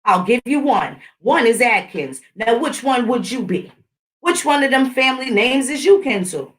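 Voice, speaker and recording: A middle-aged woman speaks straight to her channel's viewers in a casual, combative rant. She talks bluntly and swears often. Her voice sits a little higher than most women's. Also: expressive, moderate pace, fairly bright tone, distant mic. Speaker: channel host. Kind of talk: casual ranting monologue.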